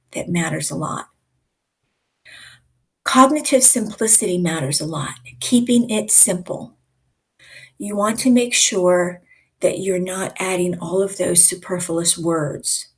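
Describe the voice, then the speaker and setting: A woman leading a live online communication coaching session in a lively, conversational way, often acting out examples for her listeners. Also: on the low side, breathy edge. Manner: lively, conversational teacher who acts out examples.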